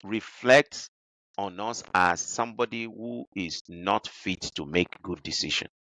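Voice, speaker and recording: A man's voice: measured pace, no echo. A man with a Nigerian accent, a guest on a podcast interview, telling workplace stories animatedly. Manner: animated storyteller who jumps high to act out quoted people.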